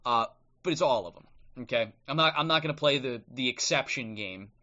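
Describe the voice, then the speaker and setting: A male livestream host talks a little fast in a mid-range voice with lively intonation and a sharp tone, the highs cut off. His blunt, combative commentary is peppered with "okay?" and gives way to reading from a book, all on a streaming microphone.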